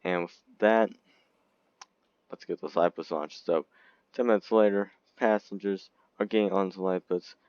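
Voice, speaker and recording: Deep-voiced guy rambling n giggling thru a game vid, dry muffled audio. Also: steady tone, normal speed, darkish tone, no room sound. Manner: rambling, giggly, sudden squeaky outbursts. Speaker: gaming video creator. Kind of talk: casual game commentary. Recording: dull lo-fi recording, dry.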